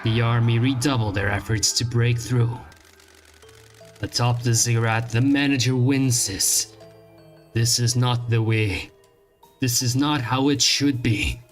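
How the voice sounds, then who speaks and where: A man streaming a game, reading its text aloud in a dry, deadpan way with wry asides. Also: mid-range voice, measured pace. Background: game music.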